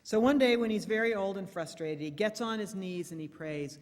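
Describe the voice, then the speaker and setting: A woman's voice: medium pitch, moderate pace, hardly any pauses. Woman minister preaching in a reverberant church. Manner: warm storytelling, lively shifts in loudness. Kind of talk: sermon with jokes. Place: church sanctuary.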